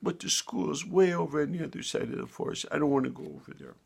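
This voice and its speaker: A man's voice: a little high, sing-song, fast talker, vocal fry, slightly rough, pitched above the performer's own voice, heavily acted. A man voicing a timid little girl robin chick in a storybook tale, pleading in a whiny raised voice. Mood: reluctant.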